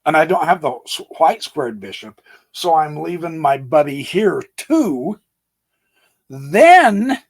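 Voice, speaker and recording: A man walks through a chess game on a physical board in a folksy way, thinking out loud and dropping homey exclamations. His pitch sits a touch high and swings widely. He talks slowly, jumping between hushed asides and emphatic outbursts. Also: expressive, gravelly. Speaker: chess channel host.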